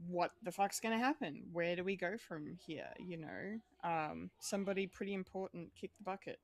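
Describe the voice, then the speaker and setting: A woman's voice: lowish voice, no echo. A woman co-hosting a podcast, chatting casually in a rambling way, with lots of fillers, restarts and swearing. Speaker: podcast co-host.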